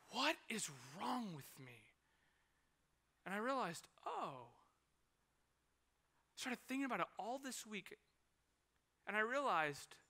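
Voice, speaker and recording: A man in his thirties preaching a sermon, telling a personal story and acting out its scenes. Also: sits high. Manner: animated storytelling, acts out scenes. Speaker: pastor.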